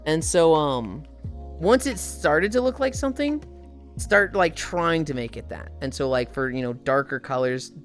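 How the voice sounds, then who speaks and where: A woman in her twenties streaming casually, telling profane stories and reading chat aloud. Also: extremely low pitch.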